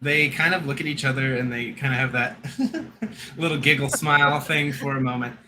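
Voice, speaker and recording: A man narrating as game master of a tabletop game, relaxed and often laughing as he describes scenes. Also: mid-range voice, a little fast, noisy background.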